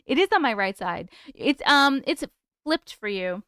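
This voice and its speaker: A woman hosting a casual live stream from her desk at home, chatty and excitable, swearing freely. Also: high voice, clean tone, dry recording, clean studio sound.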